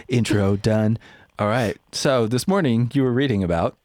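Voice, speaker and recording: A man's voice: medium pitch, moderate pace, darkish tone. A man co-hosting a casual podcast, with dry teasing humor and playful scatted jingles. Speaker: podcast co-host. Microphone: studio microphone.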